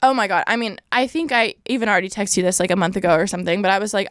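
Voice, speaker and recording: A woman's voice: mid-range voice, steady tone, very fast, hardly any pauses, fairly bright tone, clear, resonant tone, dry recording, clean studio sound. A young woman chatting casually as a podcast guest, gushing and laughing, with lots of "like" and filler. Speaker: podcast guest, former boss. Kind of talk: casual chat.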